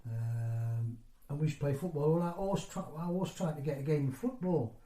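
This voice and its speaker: A North East England man in his sixties tells rambling, conversational stories in an oral history interview, leaving phrases unfinished. He sounds brisk and mellow, his voice on the high side. There's a roomy echo.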